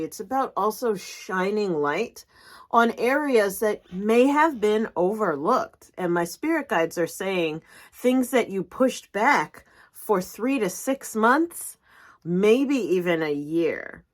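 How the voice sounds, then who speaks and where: Slow-talking woman coaching with animated emphasis. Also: medium pitch. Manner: animated, emphatic, punctuates with "right?". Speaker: executive coach and reiki teacher. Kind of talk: spiritual business coaching talk.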